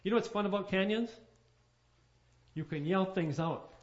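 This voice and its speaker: A man's voice: high-pitched, moderate pace. A male pastor preaching a sermon, telling stories and asking rhetorical questions, on a dull lo-fi recording.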